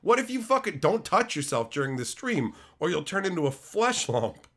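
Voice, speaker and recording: A middle-aged man live-streaming, who is sick and losing his voice, loudly and profanely mock-insulting his chat. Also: sits high, very animated, normal speed. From Canada. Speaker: card-opening streamer.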